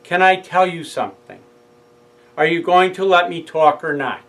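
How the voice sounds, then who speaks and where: Telling the story of a legal case, a middle-aged man with a New York accent talks casually and plays both parties in a heated phone fight. He speaks at normal speed in a fairly bright, high-side voice, and the recording quality is low.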